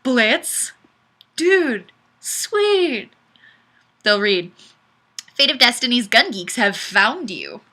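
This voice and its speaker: A woman's voice: a little high, huge pitch swings, slow pace, long pauses, bright, forceful tone. A woman hosting a webcam chat, reading viewer comments aloud in a playful, giggly, sing-song way into a webcam microphone.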